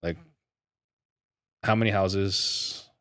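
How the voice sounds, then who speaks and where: Man, host, low pitch, relaxed, casual interview, dry recording. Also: drawn-out words, no room sound. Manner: relaxed, frequent short affirmations. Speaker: podcast host.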